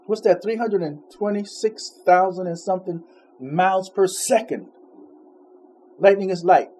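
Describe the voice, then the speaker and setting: A man preaching an informal sermon in a conversational way, laughing between points and slowing down to read scripture. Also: high-pitched, dark tone, slight background noise.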